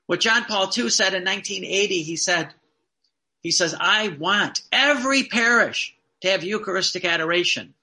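A man preaching a sermon in an earnest, emphatic way, slowing down to stress key phrases. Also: sits high, expressive, pushed and bright.

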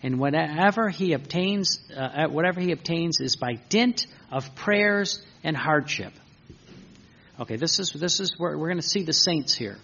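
Man, informal spiritual talk, rambling anecdotes, joking asides, raspy voice, muffled lo-fi room recording. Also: on the high side, animated, moderate pace, a bit bright. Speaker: religious group teacher. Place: room with a seated group. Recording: dull lo-fi recording.

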